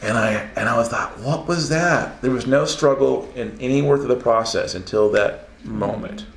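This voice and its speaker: Roomy echo and faint background noise surround a self-published Christian author telling a story in casual conversation. Animated and laughing, he acts out the voices he heard in a gravelly, medium-pitched voice at a normal speed.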